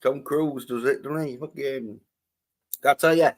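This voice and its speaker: A man's voice: mid-range voice, unhurried. A man with a Scottish accent, a panel guest in casual chat, rambling and swearing freely as he talks.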